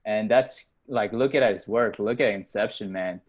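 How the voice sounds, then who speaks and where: A young man in casual chat during a movie game, excitable and apologetic, laughing often. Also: on the low side, moderate pace. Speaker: film crew member.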